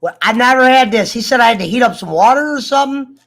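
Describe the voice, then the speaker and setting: A man's voice: very high-pitched, animated, quick pace, fairly bright tone. A man with a cough chatting casually to viewers, swearing, joking and laughing between fits of coughing. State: coughing, sick. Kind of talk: casual rambling chat to viewers.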